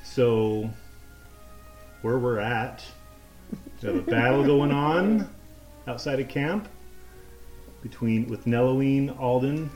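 A man's voice: mid-range voice, a little mellow, soft background music. Man game master, roomy room. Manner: chatty, halting narration with fillers and restarts. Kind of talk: narrating a tabletop game.

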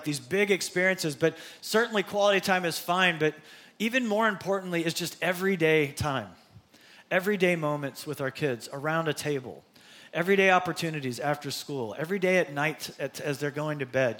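A man's voice: a little high, a little fast, a bit bright. A middle-aged man preaching a sermon as pastor, in a conversational style with personal asides.

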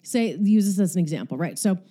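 A woman talks in a loose, rambling way while she works out, short of breath between phrases. Her voice is warm and mellow. She swears freely in a candid, unpolished monologue. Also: on the low side, expressive, brisk, husky. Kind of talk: casual monologue while exercising.

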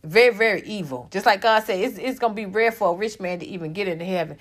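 A woman's voice: mid-range voice, quick pace. A woman ranting bluntly and sarcastically as she comments on celebrity gossip.

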